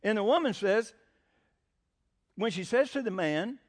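A man preaching a sermon, asking the congregation questions and acting out short quoted exchanges. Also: unhurried. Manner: lively, swinging pitch, acts out quotes. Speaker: pastor.

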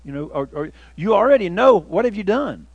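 A man preaching a sermon as pastor, folksy and conversational, breaking into loud emphatic bursts. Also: sits high, sing-song, a little fast, no room sound, muffled recording.

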